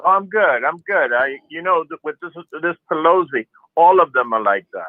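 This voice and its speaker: A man's voice: fairly high pitch, animated, moderate pace, no echo. A man from Florida calling into a talk radio show, speaking emphatically and repeating words. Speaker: radio caller. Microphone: telephone. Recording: phone line.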